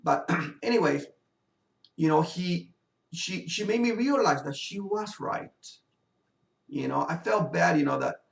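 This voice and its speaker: A man tells a personal story in a loose, rambling way, stacking fillers as he games. His voice is very gravelly and a bit high. It sounds roomy, picked up from some distance. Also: lively intonation, measured pace, pauses often. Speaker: gamer and video host. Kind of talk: casual storytelling while gaming.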